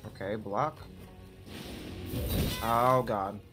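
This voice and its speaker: Guy streaming a game, cursing at it, slow drawn-out talk, loud game music behind him. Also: fairly low pitch, fairly even intonation. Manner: frustrated, swearing, talking to the game. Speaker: gaming streamer. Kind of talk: gameplay commentary.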